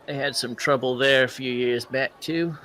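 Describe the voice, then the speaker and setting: A man's voice: mid-range voice, fairly even intonation, moderate pace, bright, forceful tone, low-quality recording. Man voicing a brash, swaggering adventurer for a tabletop game; chummy, boastful. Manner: cocky, chummy banter.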